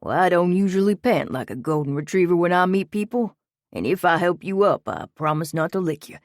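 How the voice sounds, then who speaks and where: A woman voicing Sheldon, a gravelly, wry man. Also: deep voice, a little slow, no room sound, studio quality, full character voice. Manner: wry, self-mocking. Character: Sheldon, joking middle-aged man, out of breath.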